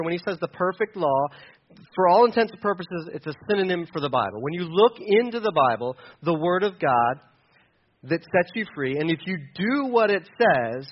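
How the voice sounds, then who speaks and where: A man's voice: high-pitched, lively intonation, normal speed, lo-fi sound. A man preaching a sermon in a conversational, self-deprecating way, acting out little everyday scenes. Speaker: pastor.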